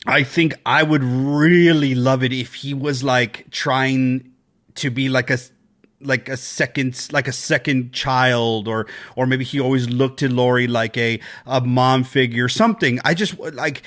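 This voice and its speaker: A man co-hosting a casual podcast, talking in an animated, excitable way and swearing freely. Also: a little slow. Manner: animated, excitable, swears, jumps to high pitch when quoting. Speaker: podcast co-host.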